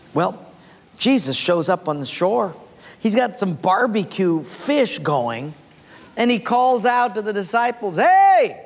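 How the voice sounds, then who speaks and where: A pastor preaching a sermon in a large auditorium, telling stories in a conversational, animated way. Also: mid-range voice. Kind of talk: sermon with storytelling. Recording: long reverb in a large auditorium.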